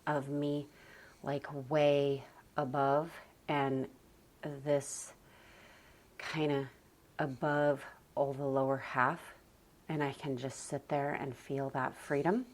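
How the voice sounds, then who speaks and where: A woman with a strikingly deep, low voice for a woman talks slowly and unhurriedly. She is a homeschooling mom speaking casually to her viewers. Her tone is calm and soft, and she pauses with sighs and the odd "like". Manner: slow, calm and soft-spoken, with sighs and frequent "like". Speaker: homeschooling mother and parenting vlogger. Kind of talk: casual reflective talk to camera.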